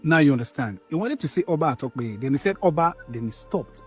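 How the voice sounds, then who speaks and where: Male commentator, calm explainer, soft music under him. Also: fairly high pitch. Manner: measured, explaining step by step.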